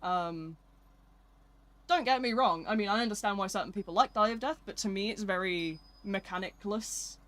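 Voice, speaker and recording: A woman's voice: mid-range voice, moderate pace, a bit bright. Chatty young British woman streaming. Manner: chatty, rambling, self-deprecating, reads chat aloud. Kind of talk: live gameplay stream chat.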